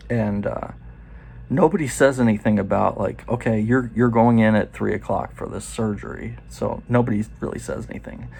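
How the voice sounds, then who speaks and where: A man's voice: lowish voice, vocal fry, darkish tone, husky. A man in his forties telling a loose, profane story in a casual first-person way. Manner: loose and profane, quoting others in quick asides.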